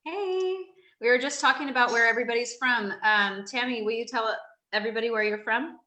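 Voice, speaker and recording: A woman's voice: on the high side, brisk, bright, forceful tone, reverberant, low-quality recording. A woman hosting a live online masterclass, upbeat and chatty with fillers. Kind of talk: casual live class talk.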